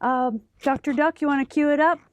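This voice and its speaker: A woman hosting a children's library story time, speaking in a bright, encouraging way. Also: high voice, fairly even intonation, brisk, no echo.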